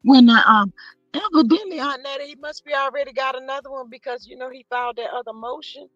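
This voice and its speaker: A woman's voice: high-pitched, fast talker, fairly bright tone, no room sound, lo-fi sound, soft background music. A woman chatting casually, laid-back and agreeing with lots of hums. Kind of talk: casual gossip chat.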